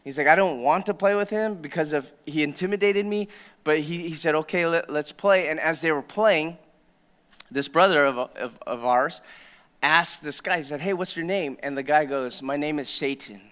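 A male pastor preaching a sermon in a church, telling a story and swinging between hushed, low passages and loud, emphatic proclamation. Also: moderate pace, clean tone. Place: church sanctuary.

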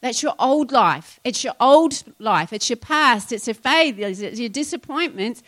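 A woman's voice: on the high side, expressive, a little slow, fairly bright tone. A woman pastor, preaching a sermon in a conversational way and retelling scripture with asides.

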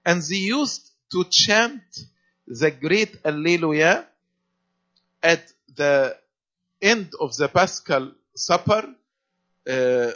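A man's voice: on the high side, sharp tone. A man giving a sermon, patiently explaining and repeating key phrases. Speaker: priest. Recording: dull lo-fi sound.

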